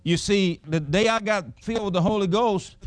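A middle-aged man preaching a sermon, telling folksy stories in an animated way. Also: high voice, moderate pace, dry recording.

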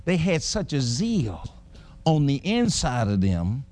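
A middle-aged man preaching a sermon, telling folksy stories in an animated way. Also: mid-range voice, slow, dry recording.

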